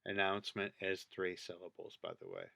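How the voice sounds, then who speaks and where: A man with a very low voice but a bright, forceful edge talks casually over video clips. He thinks aloud, counts things out and points at details as he goes, close and dry. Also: flat delivery, a little fast, gravelly, clean tone, no echo. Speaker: video creator.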